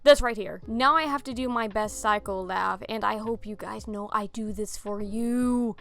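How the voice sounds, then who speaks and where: A woman reading a horror story aloud, breaking in with animated, sarcastic commentary. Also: mid-range voice, normal speed, creaky. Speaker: storytelling reviewer.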